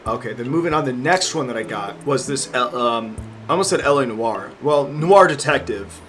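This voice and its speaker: A man's voice: medium pitch, animated, normal speed, fairly bright tone, soft background music. A young man in his twenties chatting casually as a vlogger, rambling and joking with lots of fillers and swearing. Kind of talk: casual chat.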